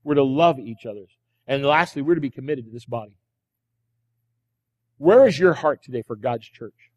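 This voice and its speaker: A man's voice: medium pitch, animated, moderate pace, darkish tone, muffled recording. A male pastor preaching a sermon in a church, emphatic, repeating key phrases and asking the congregation rhetorical questions. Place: church sanctuary. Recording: long hall reverb from the church.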